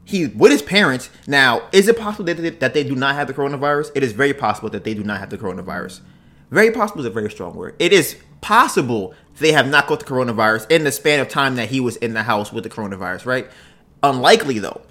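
A man hosting a podcast, telling a story in a casual, animated way and tagging phrases with "right?". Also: mid-range voice, quick pace. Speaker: podcast host.

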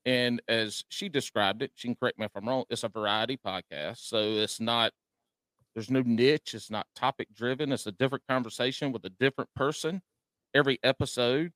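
A man's voice: mid-range voice, a little fast, fairly bright tone, no echo, clean studio sound. A man with a Southern US drawl hosting a podcast in casual chat, folksy and self-deprecating with easy jokes. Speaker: podcast host.

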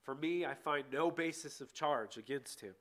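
A stern, weary Roman governor, read out by a man in a scripture reading. His voice sits a little high, and the delivery stays plain, pleading and insistent rather than theatrical. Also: moderate pace, a bit bright, lightly acted. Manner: plain read-aloud delivery of quoted speech.

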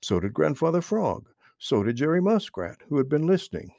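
Male storyteller for kids' audiobook, gravelly, pitch all over the place. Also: fairly quick, no echo, clean studio sound. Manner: expressive, animated reading. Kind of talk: storybook reading aloud.

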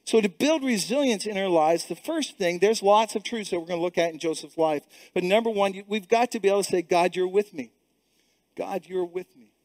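A man's voice: high voice, quick pace, hardly any pauses, a little mellow, no room sound. A middle-aged male pastor preaching a sermon with emphatic repetition and frequent restarts. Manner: emphatic, repeats words, many restarts.

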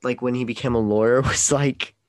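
A man's voice: medium pitch, steady tone, a little fast. A man hosting a casual movie-review podcast over an online call, opinionated and teasing, with mock exasperation. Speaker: podcast host.

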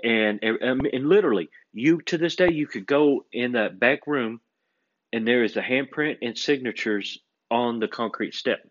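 A man speaking at normal speed in a mid-range voice spins stories during casual conversation. Animated, he performs the quoted voices of his characters, and the recording is dull and lo-fi.

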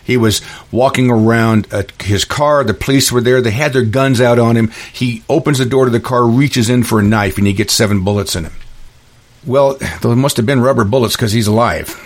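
Man, podcast host, solo commentary, angry rant, mid-pitched voice, stumbles and restarts. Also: a little fast. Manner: angry ranting monologue with frequent restarts.

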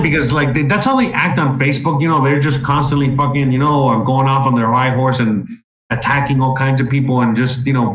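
A man's voice: medium pitch, distant mic. Man, heated rant, lots of swearing and fillers, roomy echo, away from the mic. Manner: heated, profane, many fillers. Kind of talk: casual ranting chat. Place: home in Mexico.

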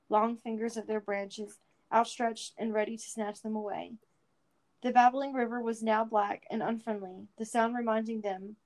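Woman reading a storybook aloud, slightly high. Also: a little mellow, poor audio. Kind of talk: storybook read-aloud narration.

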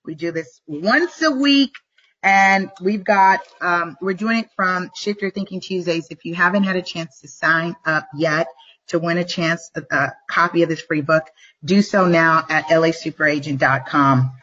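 A middle-aged woman hosting a live motivational vlog, talking emphatically and repeating herself, slowing down to drive her points home. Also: fairly low pitch, a bit bright, husky, dull audio. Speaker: vlog host. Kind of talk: motivational live-stream talk.

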